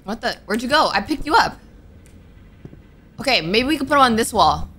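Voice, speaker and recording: A young woman streams her gameplay, talking to herself in a slightly high, very animated voice at a moderate pace and jumping with nervous exclamations. Game music plays behind her, along with background noise.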